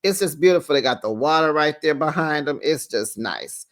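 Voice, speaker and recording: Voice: mid-range voice, moderate pace. Sassy chatty reality TV recapper. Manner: sassy, chatty, with frequent "honey" asides; lively, retells scenes in quoted voices. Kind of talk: casual reality show recap commentary.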